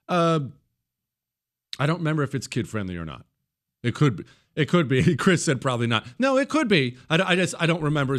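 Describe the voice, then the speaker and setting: A man's voice: medium pitch, fairly bright tone. A man hosting a talk radio show, delivering a conversational monologue and repeating points for emphasis.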